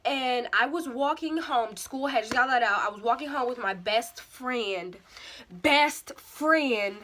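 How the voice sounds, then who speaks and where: Bright-voiced young woman telling stories. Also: on the high side, unhurried. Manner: animated, slangy, self-mocking. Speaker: vlogger. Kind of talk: casual storytelling.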